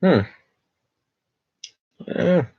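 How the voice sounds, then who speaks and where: A man's voice: extremely slow, highs cut off. A young man from Canada chatting casually on a livestream, rambling and reading viewer comments aloud with lots of fillers. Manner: rambling, reads chat aloud, filler-heavy.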